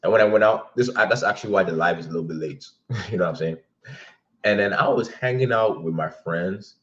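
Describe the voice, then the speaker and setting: A man's voice: low voice, brisk, highs cut off. A man hosting a casual livestream, telling dating stories in a blunt, profane way. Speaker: livestream host giving dating advice.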